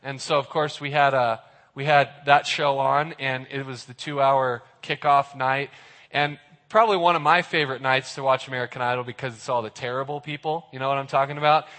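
A man giving a casual sermon, animated and acting out the dialogue of the people in his story. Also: mid-range voice, fairly quick. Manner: animated, acts out the characters' dialogue. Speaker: youth pastor. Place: church hall. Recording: reverberant hall.

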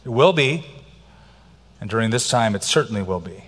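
A man's voice: on the low side, expressive, normal speed, a bit bright, breathy edge. A middle-aged man preaching a sermon as pastor, emphatic and varying his pace for effect. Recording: long hall reverb.

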